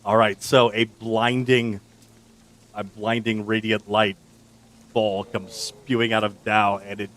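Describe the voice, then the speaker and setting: Low-voiced man narrating as game master. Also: level tone, slow, a bit bright.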